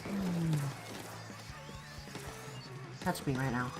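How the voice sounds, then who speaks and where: A woman's voice: sits low, drawn-out words, loud music behind the voice. A young woman streaming a game, chatting casually with her viewers, giggling and eating as she talks. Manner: chatty, giggly, eats while talking. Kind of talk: casual livestream chat while gaming. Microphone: desk mic, no face cam.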